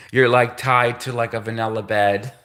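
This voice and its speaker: A man's voice: mid-range voice, fairly bright tone. A man from Canada rambling through a casual solo livestream monologue, repeating himself and giggling between asides. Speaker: livestream host.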